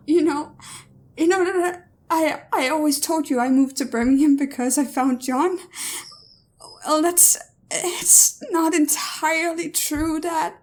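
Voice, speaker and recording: A woman's voice: high-pitched, very slow, pauses often, sharp tone, heavily acted. A woman playing a sobbing, terrified young daughter. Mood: desperate confession. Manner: sobbing, stammering, pleading. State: crying.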